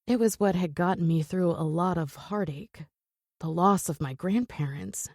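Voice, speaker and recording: Female audiobook narrator, warm mellow voice, soft, earnest, lowish, dry close mic. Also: moderate pace, dry recording. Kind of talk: scripted romance audiobook narration.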